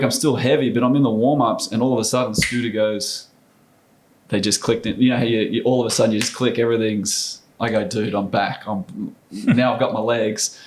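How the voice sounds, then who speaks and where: A middle-aged man, a former basketball player, telling stories as a podcast guest in an animated, casual way. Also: mid-range voice, slight background noise. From Australia. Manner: animated storyteller, acts out quoted voices. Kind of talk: casual storytelling interview.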